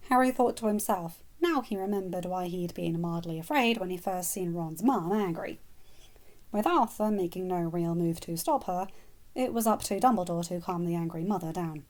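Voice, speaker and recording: A woman narrating a fan-written story in a steady, even reading voice. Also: lowish voice, normal speed. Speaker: fanfiction reader.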